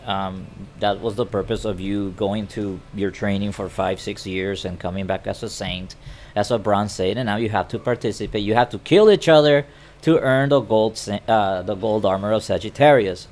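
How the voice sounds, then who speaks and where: A man's voice: lowish voice, normal speed, a little mellow. A man casually retelling an anime episode to a camera, chatty and stammering. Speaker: anime recap vlogger. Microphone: talking to a camera.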